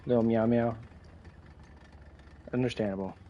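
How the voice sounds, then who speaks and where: A man's voice: medium pitch, steady tone, unhurried, dull audio, slight background noise. A young American man chatting casually with his live chat while playing a game, swearing now and then. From United States. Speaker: live streamer.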